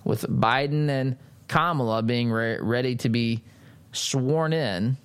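A man delivers a political commentary monologue as a talk show host. His pitch sits in the ordinary middle range. He talks emphatically, leans on sarcasm, and keeps turning to his listeners directly. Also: takes it slowly, smooth.

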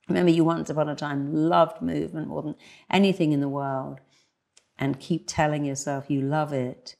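A hypnotherapist appears as a guest in a conversational interview, speaking emphatically and acting out the voices of those she quotes. Her voice is low, creaky and a little mellow.

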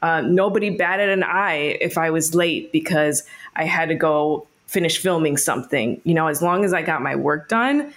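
A woman in her thirties talks as a comedian guest in a relaxed interview. She is playful and animated and laughs easily between her stories. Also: low-pitched, moderate pace. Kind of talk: casual interview chat.

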